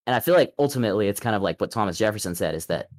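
Low-voiced man calling in. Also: lively intonation, no echo, clean studio sound. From Texas. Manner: measured, hesitant with fillers. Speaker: caller, prosecutor. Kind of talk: casual call-in chat.

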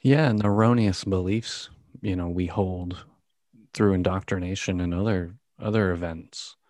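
A man in his forties speaking thoughtfully and in a measured way in a casual conversation. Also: low-pitched, steady tone, a little mellow, no room sound, clean studio sound. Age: 40s.

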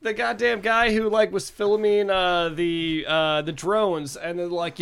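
A man's voice: sits high, fairly even intonation, unhurried, gravelly, a bit bright, smooth. A man co-hosting a casual podcast chat, rambling with many fillers and restarts, swearing freely. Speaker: podcast co-host.

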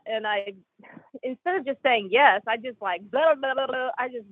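A guest guitarist telling a story with laughs and self-deprecating asides in a casual interview. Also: male voice, very high voice, normal speed, no echo. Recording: tinny phone-line audio, dry.

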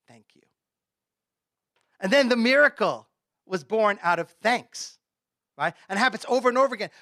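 A male pastor preaching a sermon in a conversational way, often dropping his voice to a near hush for emphasis. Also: sits high, dry recording, studio quality.

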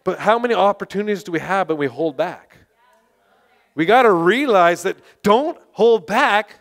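A man with a high voice preaching to a group, telling testimony stories in a passionate, excitable way. He rambles and restarts, then surges into loud, fired-up bursts. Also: normal speed. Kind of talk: sermon testimony storytelling.

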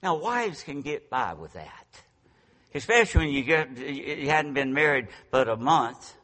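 A man's voice: mid-range voice, very animated, a little slow, pushed and bright. A man in his sixties preaching a storytelling sermon, folksy and self-deprecating. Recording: long reverb from a large hall.

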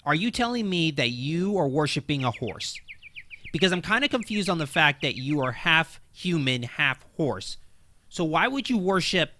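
Guy doing a sarcastic goblin wizard in an audio comedy, dry and fed up, really bright voice that bounces around. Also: on the high side, expressive, normal speed, a little hiss or hum. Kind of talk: comedy audio drama acting.

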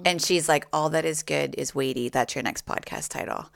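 A woman's voice: sits low, moderate pace, creaky, no room sound. A woman in her forties co-hosting a podcast, chatting casually with friends, retelling conversations and laughing often. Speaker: podcast co-host. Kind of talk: casual chat among friends. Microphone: studio mic.

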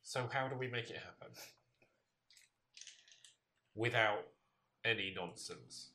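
A man's voice: lowish voice, slow pace, bright, forceful tone. A man playing in a tabletop role-play, speaking diplomatically and trying to talk things through in character. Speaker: player. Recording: roomy echo.

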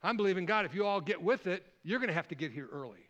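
A man preaching a sermon, rambling and lively, calling out questions to the congregation. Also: sits high, fast, muffled recording. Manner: lively, rambling, audience call-and-response. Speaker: guest preacher.

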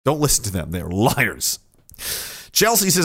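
A man hosting a casual livestream who rambles through viewer comments, cynical and quick to swear. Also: medium pitch, wildly swooping pitch, a bit bright, breathy edge, dry recording, studio quality. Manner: rambling, profane and cynical, with frequent restarts.

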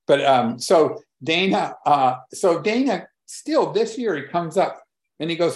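A man in his seventies giving a reflective talk with personal stories, unhurried and thoughtful, often pausing to search for words. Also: fairly high pitch, expressive. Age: 70s. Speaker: speaker on conversation and collaboration.

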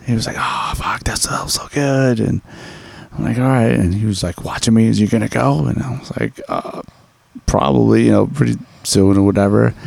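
A man's voice: lowish voice, vocal fry, dark tone, no room sound. A man casually telling a story with loose, profane phrasing and lots of fillers.

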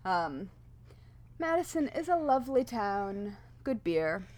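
Slow-talking woman podcast co-host. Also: medium pitch, sing-song. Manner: playful, rhyming intro read in a hushed spooky tone. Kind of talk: casual chat.

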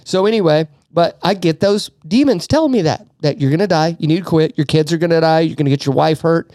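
Brief: middle-aged male podcast host, slightly high voice, dry close sound, earnest and emotional, stumbles and restarts. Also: fast, a little mellow, dry recording. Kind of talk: casual faith talk.

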